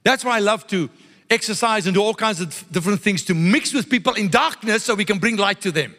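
Male pastor, animated sermon delivery, bright tone, reverberant hall. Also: high-pitched, a little fast. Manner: animated, playful preaching with call-and-response asides.

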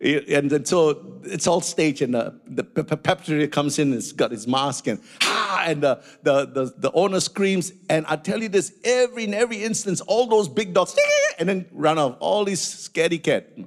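A man preaching a sermon as pastor, animated and storytelling, dropping frequent hallelujahs. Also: fairly high pitch, normal speed, few pauses.

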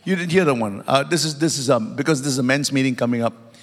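A man's voice: mid-range voice, fast. A man preaching a sermon in a church, emphatic and fond of repeating key words, calling out to his congregation and slipping in joking asides. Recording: long hall reverb.

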